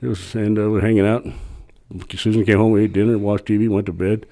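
Man, middle-aged, quick rambling storyteller, low mellow voice, casual podcast guest. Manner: rambling, animated retelling with restarts.

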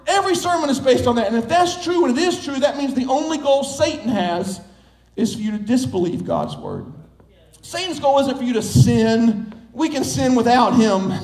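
A high-voiced male pastor preaching an emphatic sermon, stacking up repeated phrases. His voice rings out through a reverberant church hall. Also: a little mellow. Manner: emphatic, building with repetition.

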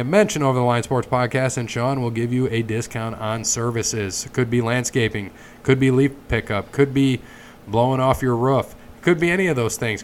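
A man hosts a relaxed sports podcast, reading sponsor plugs. His voice sits at an ordinary middle pitch, with a faint hiss of background noise under it. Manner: chatty, reads sponsor plugs. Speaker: podcast host. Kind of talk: casual podcast chat.

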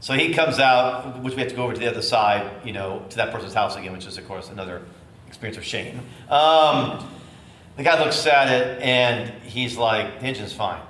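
Man telling an animated story, echoey room. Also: mid-range voice, moderate pace. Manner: animated storyteller, acts out voices. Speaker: bishop. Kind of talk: storytelling sermon. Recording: echoey room with faint noise.

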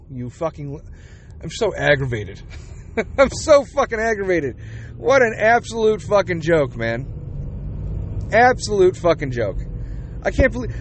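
Young male podcast host, high voice, sarcastic profane rant, faint hiss behind. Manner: angry, sweary, sarcastic.

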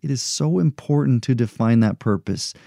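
A man's voice: mid-range voice, expressive, moderate pace, creaky, mellow, no room sound, clean studio sound. A middle-aged man hosting a motivational podcast, talking earnestly and encouragingly, repeating rhetorical questions to his listeners. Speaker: podcast host.

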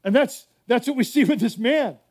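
A man's voice: extremely high pitch, moderate pace, darkish tone. A male pastor preaching a sermon in a fervent, emphatic way, often repeating himself.

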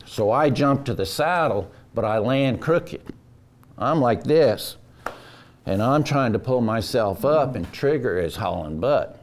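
A man telling a rodeo story in a casual, folksy, animated way. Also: medium pitch, unhurried, slight background noise. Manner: folksy drawl, animated retelling.

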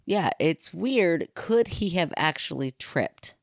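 A woman's voice: lowish voice, animated, slow pace, gravelly, no echo, clean studio sound. Playful woman co-hosting a podcast. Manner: playful, laughing, teasing. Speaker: podcast co-host. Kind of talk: casual chat, reading listener stories.

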